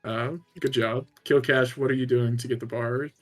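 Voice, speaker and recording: A man's voice: mid-range voice, little pitch movement, normal speed, soft background music. A man running a tabletop game as dungeon master, talking casually with lots of fillers. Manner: casual, lots of "uh" and "like", laughs along.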